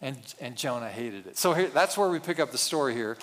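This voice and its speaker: A man's voice: mid-range voice, expressive, brisk, a bit bright. A male pastor giving a sermon in a conversational way, with self-deprecating asides.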